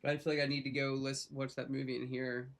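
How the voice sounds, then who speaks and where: Easygoing gravelly man chatting on stream. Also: medium pitch, little pitch movement, fast talker. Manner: easygoing, rambling, laughs often. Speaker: trading stream co-host. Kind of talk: casual chat on a live trading stream.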